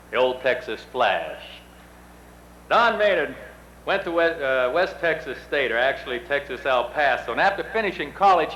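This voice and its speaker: A man's voice: mid-range voice, bright, forceful tone, a little hiss or hum, poor audio. A middle-aged man presenting at an induction ceremony, telling folksy, self-deprecating stories. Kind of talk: speech with storytelling.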